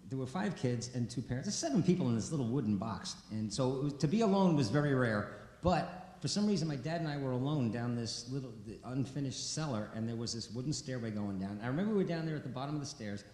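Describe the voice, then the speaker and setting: A man's voice: mid-range voice, expressive, fast, a little mellow. A man telling a personal story to a live concert audience in a casual, conversational way, acting out quoted lines. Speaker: singer-songwriter telling a story on stage. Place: concert venue. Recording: roomy hall reverb, faint background noise.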